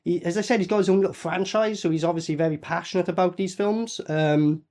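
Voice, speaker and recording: A man's voice: sits high, steady tone, fast, a little mellow. A man reviewing a movie in sarcastic, mocking commentary full of swearing. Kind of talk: profane commentary over film clips.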